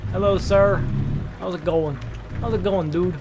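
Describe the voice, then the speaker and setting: A man's voice: high voice, steady tone, unhurried, over music. A man streaming a driving game, talking to himself in casual, rambling commentary with exasperated asides.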